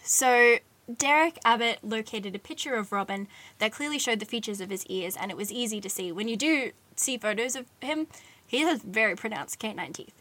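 A woman's voice: on the high side, normal speed, bright, forceful tone. A young woman, casually telling a true-crime story on a podcast, chatty with lots of "like"s and giggly asides. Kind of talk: casual chat.

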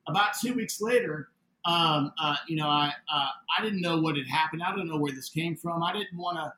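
A man telling a story in a casual interview, animated and acting out the voices of the people in it. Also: a little high, brisk, roomy sound, a little hiss or hum, poor audio. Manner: animated, acts out quoted dialogue. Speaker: interview guest, building owner.

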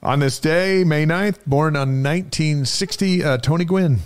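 A man's voice: fairly high pitch, unhurried, clear, resonant tone. A man co-hosting a sports talk show in a studio, chatting casually in an easygoing way and reading out dates and notices. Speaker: co-host of a sports radio show. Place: radio studio.

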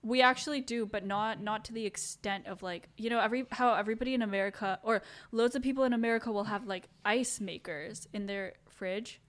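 A woman's voice: mid-range voice, fairly quick, hardly any pauses, fairly bright tone. A woman in her twenties from Iceland, chatting casually as a podcast co-host. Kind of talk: casual chat.

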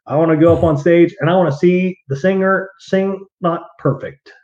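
Earnest rock guitarist, muffled audio. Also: male voice, high-pitched, steady tone, normal speed, darkish tone. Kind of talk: casual interview chat.

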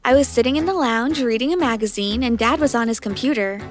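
A woman narrating a first-person story in a dramatic, animated way. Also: a little high, quick pace, faint music behind.

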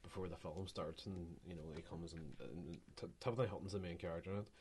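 Low-voiced rambling man. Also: fairly even intonation, quick pace, a little mellow, a little hiss or hum. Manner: rambling, searching for words. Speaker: podcast co-host. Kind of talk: casual film chat.

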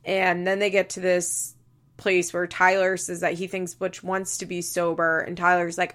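A woman's voice: on the low side, fairly even intonation, normal speed, a bit bright. A young woman hosting a podcast, chatting casually through a recap, with lots of "like" and acted-out quotes. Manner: chatty, uses "like" a lot, acts out quotes. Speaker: podcast host.

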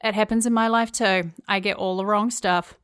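A woman with a clear New Zealand accent talks straight to her podcast listeners. Her voice sits in an ordinary middle register. She is relaxed and chatty, and she pokes fun at herself. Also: medium pitch, moderate pace. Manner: chatty, self-deprecating, laughs at herself. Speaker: podcast host. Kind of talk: casual solo podcast monologue.

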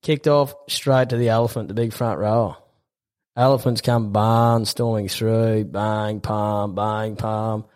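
A man's voice: on the low side, steady tone, slow pace, darkish tone. A man in his twenties with an Australian accent, a podcast guest chatting casually and telling a long joke while laughing. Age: 20s. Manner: laid-back, laughs while telling jokes.

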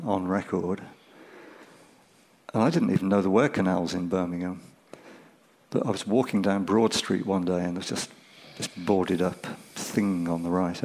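An older man from England, a folk musician, telling stories in a relaxed, reflective way with many fillers. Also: sits low, gravelly, low-quality recording. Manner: unhurried, thoughtful, with frequent fillers. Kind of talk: reflective conversational storytelling.

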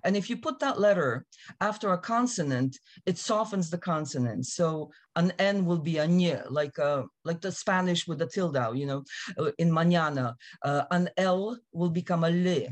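A woman's voice: lowish voice, moderate pace. Emphatic woman explaining pronunciation. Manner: emphatic, precise about pronunciation, slightly irate. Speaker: guest expert. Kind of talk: explanatory interview talk.

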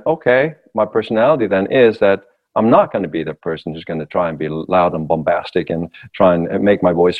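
A man talking as a voice coach in a podcast conversation, explaining with animated, lively demonstrations. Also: lowish voice, narrow, tinny audio.

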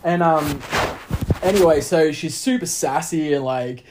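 A man's voice: fairly high pitch, unhurried, background noise. A young Australian man telling a long story in casual chat, rambling with lots of fillers and restarts.

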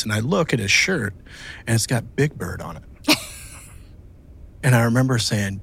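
Husky-voiced police commander telling stories. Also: male voice, on the low side, normal speed. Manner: blunt, swears freely, animated when telling stories. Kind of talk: casual storytelling chat.

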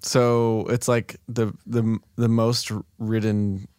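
A man's voice: on the low side, level tone, slow pace, darkish tone, smooth, no room sound, studio quality. A man in casual chat, laid-back and joking, mostly giving short replies.

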